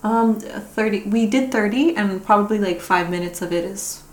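A woman hosting a casual bilingual interview, chatty and quick to laugh. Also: medium pitch, roomy sound. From Iran. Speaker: podcast host. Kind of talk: casual conversation.

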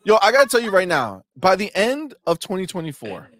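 A young adult man co-hosting a gaming livestream, animated and profane, trash-talking rival fans and reading viewer chat aloud. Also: high voice, a little fast, no echo, clean studio sound. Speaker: co-host of a gaming talk stream. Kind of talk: casual livestream banter.

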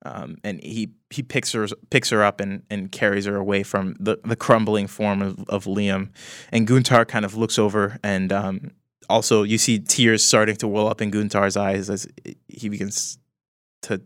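A man's voice: fairly low pitch, flat delivery, moderate pace, no echo, clean studio sound. A man narrating as game master in a tabletop game, often repeating words as he goes.

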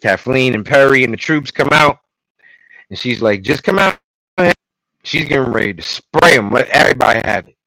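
A man co-hosting a casual podcast, retelling TV episode scenes in an animated way and acting out the lines. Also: mid-range voice, brisk, vocal fry, dry recording, low-quality recording. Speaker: podcast co-host. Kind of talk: casual recap chat.

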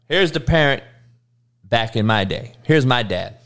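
A man's voice: mid-range voice, lively intonation, a little slow, vocal fry, a bit bright. A man who coaches youth, ranting comically in a profane, emphatic way. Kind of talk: comedic rant.

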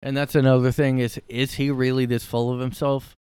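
His voice is mid-range, level, a little fast, and a touch mellow, recorded smoothly with no room sound. This podcast host rambles from his room through a mocking, disbelieving reaction to a clip, full of fillers and asides.

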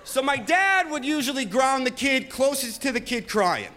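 A man doing stand-up comedy, telling stories with animated shouted bits. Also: very high voice, normal speed, some chatter behind. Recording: club recording with audible room noise.

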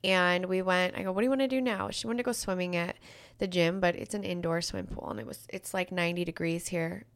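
A woman's voice: fairly low pitch, brisk, clean tone. Sarcastic middle-aged woman telling stories. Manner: sarcastic, animated storytelling with quoted voices. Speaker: podcast co-host. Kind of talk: casual chat.

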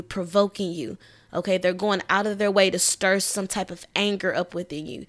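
Emphatic woman hosting a casual podcast. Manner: conversational, emphatic, keeps asking "you know what I'm saying"; animated, raises pitch when acting out reactions. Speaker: podcast host. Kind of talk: casual solo podcast talk.

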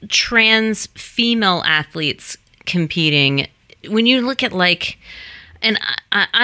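A woman in casual chat, hesitant and halting, filling her speech with "like". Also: mid-range voice, pushed and bright.

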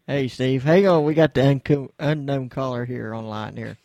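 A man's voice: mid-range voice, steady tone, moderate pace, warm tone, no room sound. A man hosting a casual internet radio show, laid-back and joking as he takes calls. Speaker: host.

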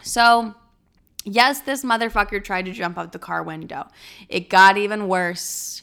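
A young woman hosting a podcast who tells a story in a casual, animated way, swearing freely. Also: a little slow, vocal fry, clear, resonant tone. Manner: animated, crude, swears freely, acts out quotes in a high voice.

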